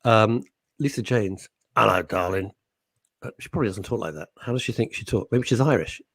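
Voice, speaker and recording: Male radio co-host, lively swooping pitch, dry close sound, jokey teasing banter. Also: fast, breathy edge, no room sound. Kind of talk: casual banter reading listener messages.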